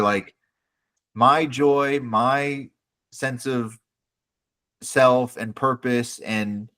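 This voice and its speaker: A man co-hosting a podcast in casual chat, animated, acting out characters' lines. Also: mid-range voice, slow. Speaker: podcast co-host.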